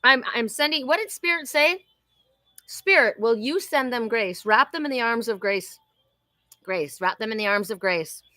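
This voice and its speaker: A woman in her sixties hosts a live oracle card reading and chats effusively with her viewers. Her voice sits a little high and sounds bright and forceful. The recording is dry and close. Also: expressive, normal speed, no echo. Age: 60s. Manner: effusive, chatty, talks to viewers by name. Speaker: host.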